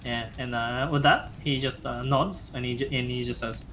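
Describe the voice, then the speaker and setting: Young male game master, mid-pitched, halting narration, faint background noise. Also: fairly even intonation, a bit bright. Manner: halting, many fillers and restarts.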